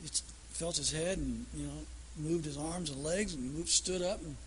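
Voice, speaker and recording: A man's voice: fairly high pitch, normal speed, a bit bright, slight background noise. A man preaching a sermon in a folksy storytelling way that builds to emphatic declarations.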